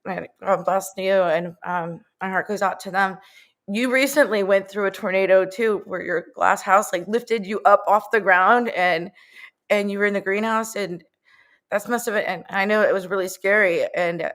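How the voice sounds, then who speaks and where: A woman's voice: medium pitch, fairly even intonation, normal speed, a bit bright. Woman host, casual and chatty, affirming tone. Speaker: show host. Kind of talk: conversational interview.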